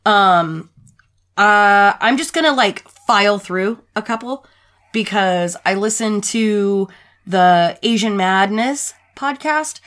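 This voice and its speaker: A woman's voice: medium pitch, slow, fairly bright tone. Foul-mouthed woman podcast co-host. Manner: crude, swearing, laughing banter. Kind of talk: casual podcast chat.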